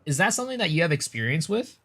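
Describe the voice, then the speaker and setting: A man's voice: on the high side, sing-song, very fast, pushed and bright. An American man streaming, chatting casually, rambling through restarts and answering chat. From United States.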